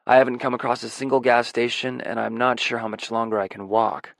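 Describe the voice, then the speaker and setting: Gravelly male audiobook narrator. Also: mid-range voice, steady tone, no echo. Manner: measured, introspective telling. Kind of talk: first-person audiobook narration. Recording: dry close audiobook recording.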